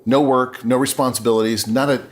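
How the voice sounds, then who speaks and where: A man's voice: mid-range voice, fairly even intonation, brisk, slight background noise. A middle-aged man, a podcast guest, telling his personal story in an earnest, openly emotional way with frequent restarts.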